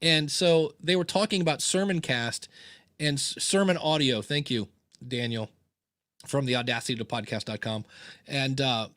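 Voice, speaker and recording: A man's voice: mid-range voice, normal speed, a bit bright, dry recording, clean studio sound. A man co-hosting a podcast in casual chat, rambling with joking asides and many restarts. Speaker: podcast co-host.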